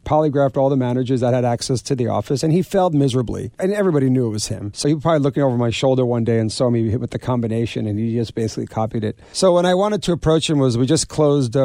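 A man, an author and restaurateur telling stories in an interview, animated and stumbling over repeated words. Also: medium pitch, no echo, studio quality. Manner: animated storyteller, acts out quoted people, repeats words. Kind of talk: storytelling interview.

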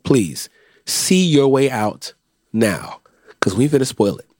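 A man with a raspy voice co-hosting a podcast in casual, teasing chat. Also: mid-range voice, very animated, slow, darkish tone, dry recording, studio quality. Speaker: podcast co-host.

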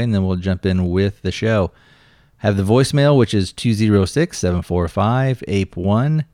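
A man's voice: on the low side, darkish tone, no room sound, studio quality. A man hosting a solo podcast in a casual, rambling way, loosely retelling a film's scenes with frequent fillers. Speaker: podcast host reviewing movies.

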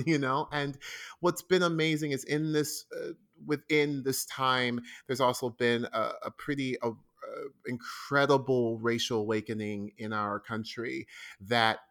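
A man's voice: mid-range voice, fairly bright tone. A man, a stage actor, chatting as an interview guest, enthusiastic and rambling, with frequent restarts and fillers. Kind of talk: casual interview chat.

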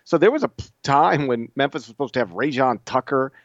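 A man in his thirties co-hosting a sports podcast, bantering in animated, laughing casual chat. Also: mid-range voice, a little fast, no room sound. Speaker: podcast co-host. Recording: dull, lo-fi sound.

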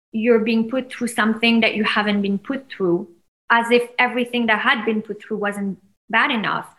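A woman's voice: on the high side, rough recording. A woman in her thirties from France, a guest telling a personal story with feeling and acting out what others said. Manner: animated, acts out quoted voices with sudden loud peaks. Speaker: interview guest.

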